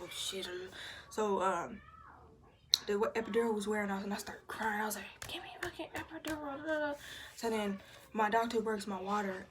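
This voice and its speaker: A woman's voice: mid-range voice, a little hiss or hum. A young woman casually telling her birth story to the camera, candid and profane, acting out what others said. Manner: candid, profane, animated retelling with quoted voices.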